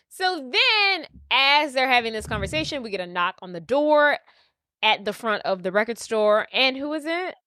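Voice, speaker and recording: A woman's voice: fairly high pitch, smooth, no echo, studio quality. A young woman co-hosting a casual movie podcast, animatedly recapping scenes and acting out the characters' lines. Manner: animated, acts out characters' lines in quick voices. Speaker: podcast co-host.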